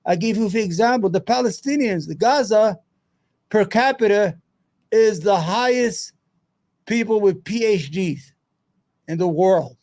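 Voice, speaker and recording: Gravelly, high-pitched rambling male host. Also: unhurried, pauses often, a little mellow. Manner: loose, profane, muttering to himself between points. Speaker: solo commentary host. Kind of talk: rambling casual commentary.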